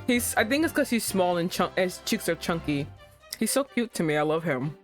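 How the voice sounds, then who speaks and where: A woman's voice: on the low side, lively intonation, moderate pace, faint music behind. A young woman streaming a game, chatting casually, swearing freely and laughing often. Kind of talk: casual game let's-play chat.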